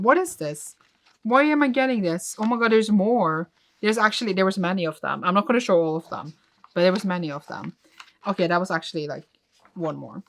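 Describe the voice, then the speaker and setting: A woman casually reacting to the manga she is reading in a vlog, swinging from soft muttered recaps to squealing, gasping outbursts. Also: mid-range voice.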